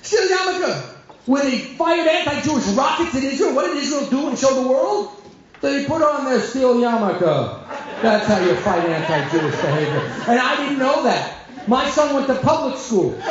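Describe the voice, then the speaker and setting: A middle-aged man, a rabbi telling animated stories to an audience and acting out voices. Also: very high-pitched, normal speed, crowd noise. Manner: animated storyteller, acts out voices and shouts. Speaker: rabbi giving a talk. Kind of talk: storytelling talk to an audience. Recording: dull lo-fi sound in a very echoey hall.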